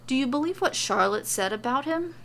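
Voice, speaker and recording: A wary young warrior asks uneasy questions, voiced by a woman. The voice sits higher with a gravelly texture. A faint hiss is heard under the storybook reading. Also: lively intonation, brisk, fairly bright tone, heavily acted.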